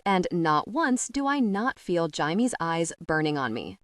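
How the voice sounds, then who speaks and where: Expressive young woman narrating romance. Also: fairly low pitch, measured pace, no room sound, studio quality. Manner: expressive, playful. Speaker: audiobook narrator. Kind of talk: first-person romance audiobook narration.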